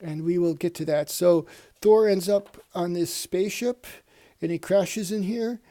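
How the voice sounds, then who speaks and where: A man's voice: high voice, measured pace, mellow. A man hosting a casual comic book review show, rambling and reading panels aloud in put-on voices.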